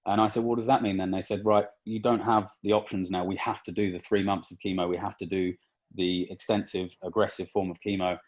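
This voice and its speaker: A young man, a podcast guest, telling a painful personal story in a halting, emotional way with many restarts. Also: sits low, level tone, darkish tone.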